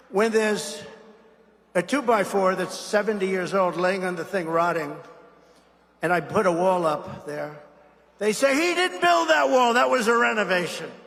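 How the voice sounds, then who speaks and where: A man's voice: sits high, fairly bright tone, big-room sound. A boastful, sarcastic man giving a campaign rally speech as a political speaker.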